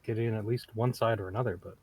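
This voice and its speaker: A man's voice: fairly low pitch, steady tone, quick pace, darkish tone, slightly rough, dry recording. Easygoing joking tabletop player man. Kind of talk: casual tabletop game chat.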